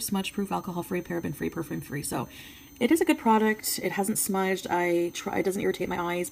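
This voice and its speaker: A woman's voice: mid-range voice, gravelly, darkish tone, a little hiss or hum, poor audio. A French Canadian woman chatting through a casual beauty product review at home, hesitant and full of ums. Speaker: beauty vlogger.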